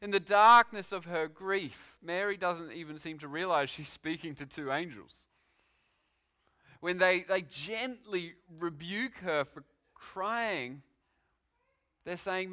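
A male preacher delivers a sermon with a bright, forceful voice set somewhat high. He leans hard on key phrases, then drops to a hushed, slowed hush to draw listeners in. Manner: emphatic, swings from loud declarations to hushed pauses.

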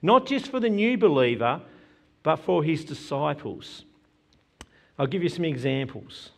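Slow, earnest male preacher. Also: fairly high pitch, expressive, vocal fry. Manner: earnest, measured preaching with emphatic quoted scripture. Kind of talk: sermon.

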